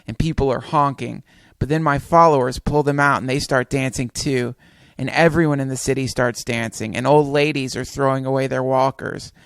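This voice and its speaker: A man's voice: mid-range voice, no echo, studio quality. Man reading a wild comic rant. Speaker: podcast host.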